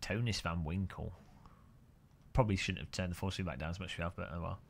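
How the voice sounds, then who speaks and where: A man's voice: low voice, fast talker, gravelly. A man streaming sim racing, chatting and joking with viewers and often laughing. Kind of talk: casual live-stream commentary while sim racing.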